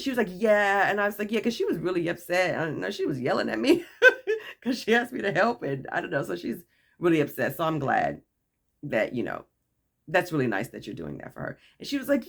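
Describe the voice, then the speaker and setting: A woman vlogger telling a story in a casual, animated way, acting out the people she quotes and laughing often. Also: on the low side, brisk, vocal fry.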